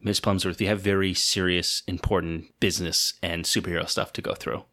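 A man hosting an improvised comedy podcast, playing a clueless new superhero who talks excitably and cracks into squeaky high tones. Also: brisk. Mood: earnest. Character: bumbling new male superhero, eager and clueless. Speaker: podcast host.

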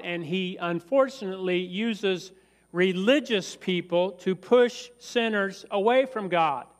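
High-voiced, slow-preaching pastor. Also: male voice, in a large hall. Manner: emphatic preaching, acts out quoted lines. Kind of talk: sermon.

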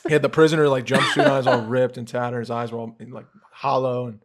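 A man hosting a podcast, telling a story in a casual, animated way with swearing and laughs. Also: mid-range voice, fast talker. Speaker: podcast host. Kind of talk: casual chat.

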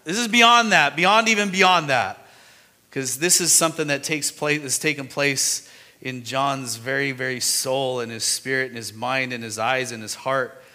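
Bright-voiced man preaching with emphasis. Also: mid-range voice, moderate pace, in a large hall. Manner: animated, emphatic preaching with sudden rises and drops. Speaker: pastor. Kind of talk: sermon.

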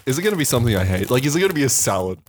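Playful guy, lively voice. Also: mid-range voice, slight background noise. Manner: playful, joking, quick laughs. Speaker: podcast co-host. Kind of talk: casual snack-tasting chat.

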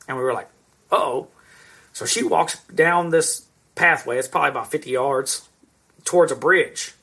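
A man's voice: fairly high pitch, moderate pace, gravelly, bright, forceful tone, slightly rough. A man in his thirties, a podcast co-host, telling long rambling stories in casual chat and swearing freely. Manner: rambling storyteller, swears a lot.

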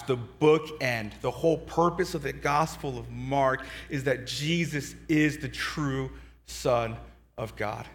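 A pastor preaching a sermon in a conversational way, dropping low and soft to stress key words. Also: male voice.

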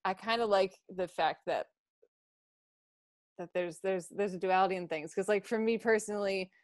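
Young woman, podcast guest, mid pitch, rambling and reflective, dry close mic. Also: moderate pace, dry recording. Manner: filler-heavy, reflective, many "like"s. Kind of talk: casual chat.

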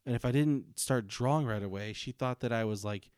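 A man's voice: medium pitch, fairly quick, darkish tone, smooth, no echo, studio quality. A young man co-hosting a podcast, telling stories in a rambling way, full of "like", acting out quotes. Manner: rambling storyteller, heavy on "like", acts out quotes. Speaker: podcast co-host. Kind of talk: casual chat.

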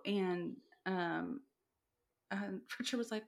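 A woman in easy, casual podcast chat, spinning a story with lots of energy. She acts out what people said and laughs her way through it, at an ordinary middle pitch. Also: a little slow. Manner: animated storytelling, acts out quoted dialogue, laughs often. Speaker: podcast co-host.

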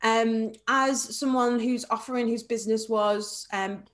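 Chatty, lively woman guest. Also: on the high side, unhurried. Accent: Liverpool. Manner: lively, chatty, laughs often. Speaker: guest, business networking trainer. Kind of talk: casual interview chat.

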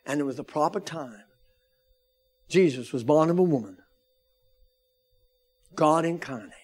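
A man preaches to his congregation in a high voice, pushing his lines upward into shouts and calling for amens. He keeps his delivery fervent as he drives each point home. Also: lively intonation, measured pace, husky. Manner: preaching with rising, shouted emphasis and calls for amens. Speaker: pastor. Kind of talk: sermon.

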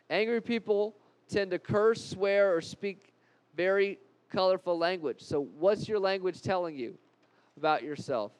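A man giving an animated anger-management talk to a live group, repeating key points and joking at his own expense. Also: a little high, clean tone, poor audio.

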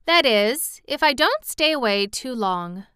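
A woman's voice: a little high, very animated, unhurried, sharp tone, smooth, no echo, clean studio sound, pitched above the performer's own voice, full character voice. Woman doing a curious little girl. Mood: thoughtful. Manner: earnest, wondering.

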